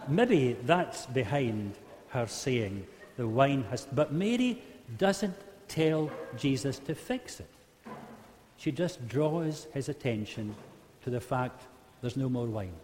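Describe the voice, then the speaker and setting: A man's voice: medium pitch, expressive, slow, a little mellow, a little hiss or hum. A man preaching a humorous sermon, telling a Bible story and acting out the quotes in varied voices. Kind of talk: sermon storytelling to a live group. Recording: long hall reverb.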